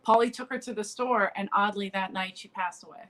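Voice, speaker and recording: A woman's voice: mid-range voice, fairly even intonation, brisk, a bit bright, slight background noise, low-quality recording. A woman comedian in a casual interview, telling stories full of fillers and restarts over a remote call. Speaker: comedian guest.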